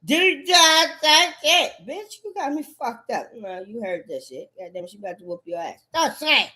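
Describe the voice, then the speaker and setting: A woman's voice: medium pitch, sing-song, normal speed, pushed and bright. A woman in a rambling, profane monologue, full of cursing and repetitive outbursts.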